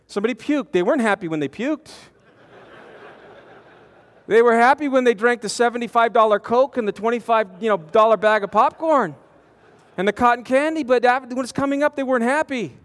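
A man preaching a storytelling sermon, animated, with stammering restarts, swinging from loud to hushed. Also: extremely high pitch, brisk. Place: large conference hall. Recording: long reverb of a conference hall.

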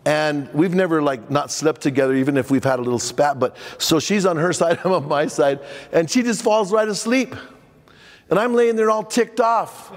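A man's voice: a little high, moderate pace. Man, pastor, conference workshop talk, acts out dialogue, raised voice, long hall echo. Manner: animated storytelling, acting out dialogue. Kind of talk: conference talk with personal stories. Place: large hall before a men's conference crowd.

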